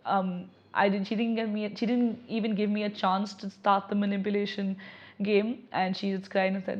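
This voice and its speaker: A young adult woman giving candid personal testimony in an interview, reflective and halting, often restarting her sentences. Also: medium pitch, level tone. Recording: slightly dull lo-fi audio.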